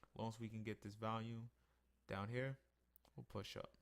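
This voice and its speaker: A sleepy man with a gravelly, somewhat low voice walks through his trading charts in a loose, conversational way. He sounds worn out after a long day. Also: moderate pace. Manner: tired, yawning, relaxed and conversational. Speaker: forex trading analyst. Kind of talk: casual screen-share market review.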